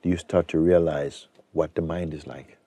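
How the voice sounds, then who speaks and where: Deep, gravelly spiritual teacher, man. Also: fairly even intonation, mellow, no room sound. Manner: slow, reflective, with pauses and restarts. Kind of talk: spiritual talk to an audience.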